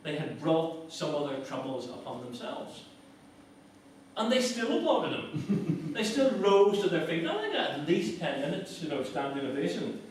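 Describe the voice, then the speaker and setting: A man's voice: a little high, sing-song, normal speed, a little hiss or hum. A man giving a conversational, self-mocking talk to an audience in a lecture hall. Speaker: guest speaker. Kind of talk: anecdotal public talk. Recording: echoey hall from far off.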